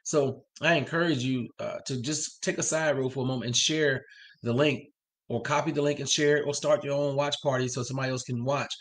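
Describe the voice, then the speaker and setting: A man's voice: mid-range voice, steady tone, fairly quick. A man co-teaching a live-streamed church family course, enthusiastic and preacherly, speaking straight to online viewers with side remarks. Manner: enthusiastic, preacherly interjections and asides.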